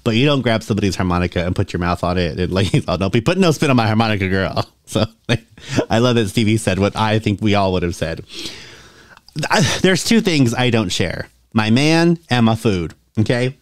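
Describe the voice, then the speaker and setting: A man's voice: fairly low pitch, lively intonation, normal speed, no room sound, studio quality. A man hosting a casual reaction video, chatty and opinionated, laughing often as he talks. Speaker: host.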